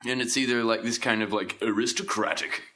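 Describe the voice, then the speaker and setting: A man's voice: medium pitch, steady tone, a little fast, sharp tone. A man talking as a podcast guest in casual chat, rambling through tangents with plenty of fillers and restarts.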